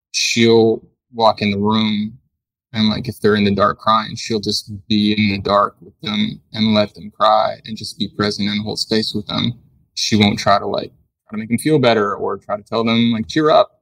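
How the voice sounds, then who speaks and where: A man as a podcast guest and mindfulness coach, speaking slowly and thoughtfully with some restarts, in casual chat. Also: fairly low pitch, vocal fry. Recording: voice distant from the mic.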